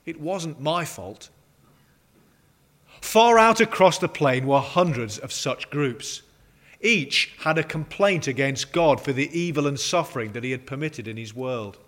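A man preaching, opening with a prayer and reading a story aloud, slowing down on key words. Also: medium pitch, animated, a bit bright. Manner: measured, slows on key words.

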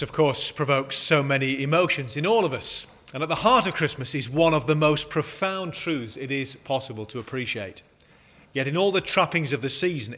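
A man preaching, opening with a prayer and reading a story aloud, slowing down on key words. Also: medium pitch, bright, forceful tone. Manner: measured, slows on key words.

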